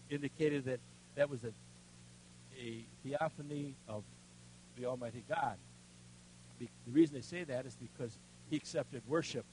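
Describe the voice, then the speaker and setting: A man's voice: a little high, slight background noise, rough recording. Older man preaching a folksy sermon. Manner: folksy storytelling with strong swings between hushed and loud. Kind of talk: sermon with personal testimony.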